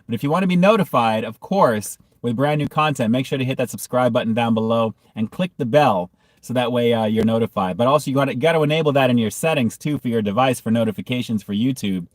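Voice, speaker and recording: A man's voice: mid-range voice, quick pace, dry recording, clean studio sound. A man hosting a casual food review livestream, reading chat comments and often breaking into hard laughter.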